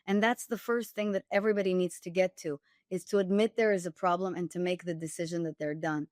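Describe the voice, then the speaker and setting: A woman's voice: on the low side, fairly even intonation, fast talker, a little mellow, no room sound, studio quality. A woman dating coach and author, speaking directly and emphatically as a guest, with wry humor. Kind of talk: candid storytelling interview.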